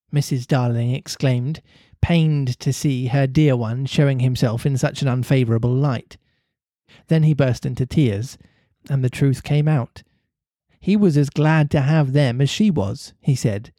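A man reads a classic children's novel aloud to his co-host, animated and raising his pitch for the characters' lines. The recording is dry, with clean studio sound.

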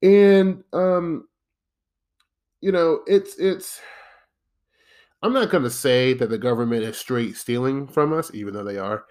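A man's voice: mid-range voice, unhurried, long pauses, a little mellow. A man hosting a solo podcast, ranting in an exasperated, profane, rambling way. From United States. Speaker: podcast host.

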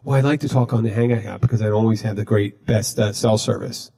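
A man hosting a podcast, telling a story in a casual, deadpan way. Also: lowish voice, quick pace, gravelly, breathy edge. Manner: deadpan, recounting jokes he told. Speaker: podcast host.

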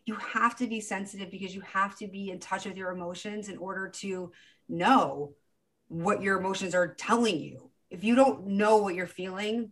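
Earnest woman hosting a spiritual podcast. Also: mid-range voice. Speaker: podcast host. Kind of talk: casual spiritual coaching chat.

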